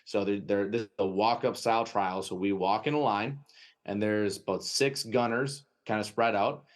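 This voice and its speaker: A man with a Wisconsin accent, a guest telling a lively anecdote in an interview and often tagging his sentences with "right?". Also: fairly low pitch, moderate pace. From United States. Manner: lively anecdotal storytelling, frequent "right?" tags. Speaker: guest, dog trainer. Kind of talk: storytelling interview.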